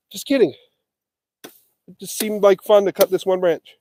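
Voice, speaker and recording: Out on a windy farm, a sweaty man short of breath livestreams from his carried phone, making fun of himself as he works. His high, darkish voice stays fairly even and unhurried, with long pauses. This casual vlog has slight background noise.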